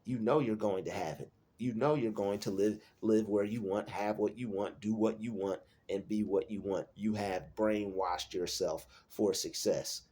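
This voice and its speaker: A man's voice: lowish voice, fairly even intonation, normal speed, hardly any pauses, mellow, husky. A man hosting his own channel, talking alone in an earnest motivational monologue, repeating and restating his points for emphasis.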